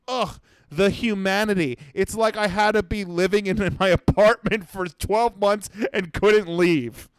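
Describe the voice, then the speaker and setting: A young man hosting a comedy podcast, ranting in an exasperated, profane way that swings from mumbling asides to shouting. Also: high-pitched, moderate pace, clear, resonant tone, no echo. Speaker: podcast host. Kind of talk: comedic rant.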